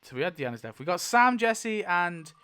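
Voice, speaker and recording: A man's voice: high voice, big pitch swings, normal speed, pushed and bright, smooth. A man hosting a casual video, thinking aloud as he goes, swearing freely and laughing often. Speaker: YouTube host. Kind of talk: casual commentary while spinning a wheel.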